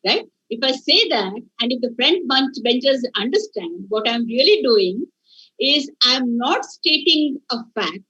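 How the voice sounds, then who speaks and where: A woman's voice: high-pitched, animated, normal speed, sharp tone, breathy edge. A woman lecturer teaching an online faculty workshop, talking her class through ideas and asking them rhetorical questions. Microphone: video call. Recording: dull lo-fi video call audio.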